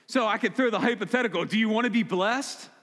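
The sermon comes fast from a man with a high, slightly bright voice, a pastor speaking directly and emphatically and repeating his key points. It's recorded in a church sanctuary, where a long hall reverb hangs on every phrase.

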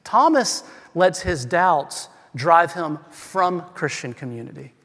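A man's voice: a little high, lively intonation, slow, fairly bright tone. A male pastor preaching a sermon, emphatic and repetitive, asking the congregation rhetorical questions. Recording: long hall reverb.

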